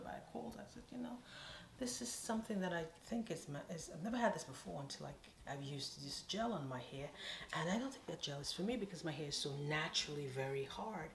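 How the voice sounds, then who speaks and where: A woman's voice: sits low, normal speed. A woman from the Caribbean telling a comic storytime, acting out dialogue with big swings and sudden whispers. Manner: animated, dramatic quoted voices, drops to whispers. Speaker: vlogger. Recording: echoey room with faint noise.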